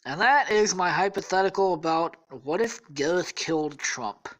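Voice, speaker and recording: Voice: mid-range voice, animated, normal speed, rough recording. A podcast host, tired out, telling an improvised story in a rambling way, full of fillers and swearing.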